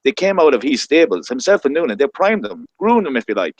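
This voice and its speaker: A man's voice: fairly high pitch, very animated, quick pace, no room sound, dull audio. An Irish man on a roundtable panel, talking bluntly and with indignation, swearing as he goes. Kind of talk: heated roundtable discussion.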